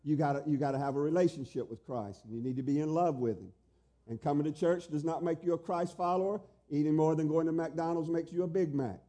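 A middle-aged pastor preaches emphatically and fast, his high voice carrying a mellow, dark tone. He builds to loud, pleading questions, then sinks into a hushed, tender delivery.

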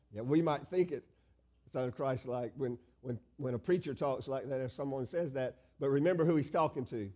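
Emphatic preaching man with a mellow voice. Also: medium pitch. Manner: emphatic preaching, drawn-out phrases, asks the congregation questions. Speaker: pastor. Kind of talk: sermon.

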